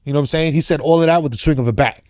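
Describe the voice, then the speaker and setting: A man's voice: on the high side, very fast, darkish tone, dry recording. A man hosting a podcast, talking casual and profane, laughing a lot and mimicking other people's voices. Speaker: podcast host.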